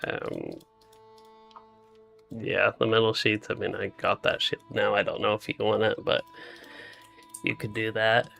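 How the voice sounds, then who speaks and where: Male gaming streamer, sleepy and easygoing, gravelly voice, light music behind. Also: lowish voice, a little slow, long pauses. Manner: relaxed, rambling, laughs often. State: sleepy, yawning. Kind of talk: casual co-op gameplay chat.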